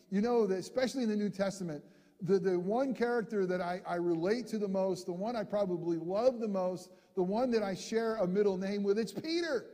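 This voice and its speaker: High-pitched pastor guy telling bible stories, acts out the characters, warm mellow tone, long echo like a church. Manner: animated storyteller, acts out characters, shifts from loud to hushed. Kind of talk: sermon.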